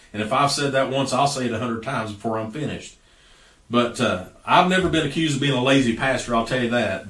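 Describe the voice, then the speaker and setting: A middle-aged man preaching a sermon as pastor, folksy and emphatic, with sudden bursts of loud speech. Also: mid-range voice. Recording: echoey room, voice heard from a distance.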